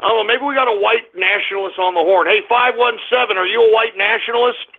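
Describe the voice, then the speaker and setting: A brash male radio host rants and taunts on a call-in show. His voice sits high for a man and comes through a tinny, phone-like line. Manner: brash, confrontational, drawn-out taunts.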